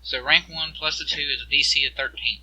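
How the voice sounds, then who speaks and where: A man running a tabletop game as game master, narrating scenes and explaining rules in a halting way over voice chat. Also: on the high side, steady tone, pushed and bright, slight background noise, rough recording.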